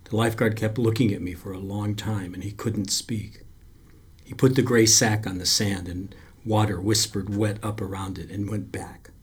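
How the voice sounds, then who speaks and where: A man narrating a story aloud in a slow, quiet, brooding delivery. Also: lowish voice, steady tone, slightly rough.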